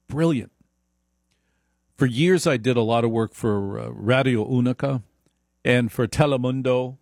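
A man's voice: medium pitch, darkish tone, no room sound, studio quality. A man giving an opinionated storytelling monologue, emphatic and repeating points for stress. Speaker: speaker.

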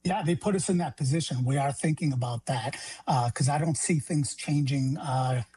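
A man's voice: medium pitch, moderate pace, warm tone, breathy edge. A middle-aged man from Illinois, a guest on a talk radio show, speaking with passion and stumbling over repeated words. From Illinois, USA. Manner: impassioned, stammering restarts. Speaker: guest, grieving father. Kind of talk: phone-in talk radio interview.

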